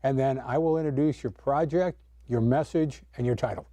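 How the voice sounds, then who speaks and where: A man's voice: medium pitch, normal speed, mellow, no room sound. A man hosting a speaking club meeting, introducing and interviewing speakers in an upbeat, encouraging way over a video call. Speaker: meeting host.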